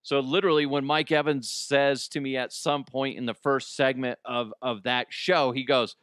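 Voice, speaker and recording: Podcast host, man, smooth clear voice, rambling jokey delivery, dry close mic. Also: medium pitch, level tone, normal speed, a bit bright, dry recording. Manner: rambling, joking, laughs often. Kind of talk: comic news podcast chat.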